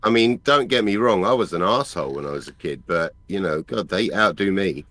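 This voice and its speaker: A man's voice: low voice, expressive, brisk, a bit bright, dry recording. A man from calling into a livestream, chatting casually with a rambling, self-mocking manner and plenty of fillers. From England. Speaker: caller. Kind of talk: casual chat.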